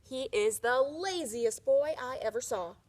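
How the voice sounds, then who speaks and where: Woman doing a gruff, grumbling old husband. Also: sits high, animated, unhurried, voice pushed up. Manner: gruff, loud outbursts. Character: grumpy impatient old husband, shouting at everyone.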